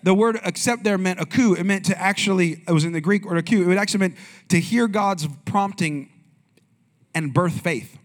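A man's voice: sits high, normal speed. A young adult male pastor giving a conversational sermon, often asking the congregation questions.

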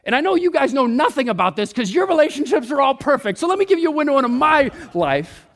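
Animated, high-voiced preacher. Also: male voice, fast. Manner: animated, playful, mimics himself and others, drops to a hushed tone on scripture. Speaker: pastor. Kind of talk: sermon.

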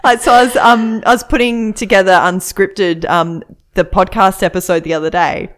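A woman's voice: medium pitch, fairly even intonation, normal speed. A woman co-hosting a podcast, chatting casually and laughing through her story. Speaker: podcast co-host. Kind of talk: casual chat.

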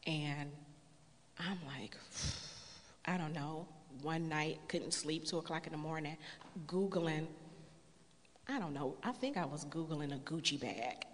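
A woman telling her personal story to a church congregation in an earnest storytelling way, building to a loud, emphatic appeal. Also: deep voice, slow, slight background noise. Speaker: church speaker sharing testimony. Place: church sanctuary. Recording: long hall reverb.

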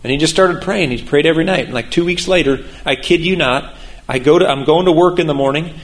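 Middle-aged male pastor, slightly high voice, lively and chatty, laughs often. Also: quick pace. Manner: animated and conversational, laughing often. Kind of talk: sermon.

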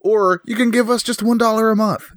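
A man's voice: sits high, steady tone, fairly quick, no echo, studio quality. A man co-hosting a podcast who cracks teasing jokes and chats casually. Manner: jokey, teasing asides. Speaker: podcast co-host.

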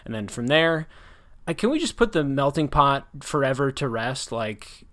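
A man's voice: mid-range voice, sing-song, normal speed, fairly bright tone. A man hosting a casual book discussion, talking in a critical, rambling way full of restarts and hedges. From United States. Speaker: podcast host discussing a book.

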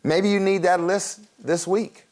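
A man preaching a sermon in a casual, conversational way, laughing often and acting out quick voices as he teaches. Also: high-pitched, flat delivery, darkish tone. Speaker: pastor.

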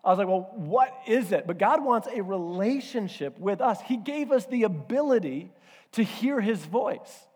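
Conversational preacher in an echoing hall. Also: male voice, high-pitched, lively intonation, normal speed, a little mellow, husky. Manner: conversational, storytelling, self-deprecating. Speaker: pastor. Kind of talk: sermon. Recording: reverberant hall.

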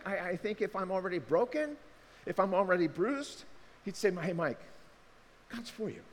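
A man preaching a sermon, swinging between quiet asides and loud, emphatic bursts as he works through a passage. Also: high-pitched. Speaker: pastor. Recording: hall reverb with faint ambience.

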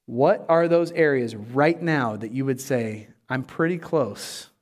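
A man preaching a sermon as pastor, animated and playful, acting out the disciples in quick asides and dropping to a hushed, slow voice for emphasis. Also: mid-range voice.

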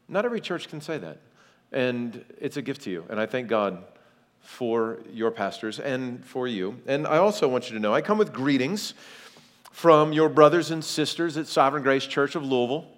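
A man's voice: medium pitch, expressive, moderate pace. Man preaching in a reverberant church hall. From Kentucky. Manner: friendly, humorous asides to the congregation. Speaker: guest preacher. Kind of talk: sermon.

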